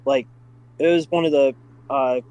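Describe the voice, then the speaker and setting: A middle-aged man telling stories in a casual podcast chat, full of fillers and excitement. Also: mid-range voice, measured pace, lo-fi sound. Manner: enthusiastic, many fillers like "like" and "uh". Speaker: podcast guest, driving school staff. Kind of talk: casual storytelling.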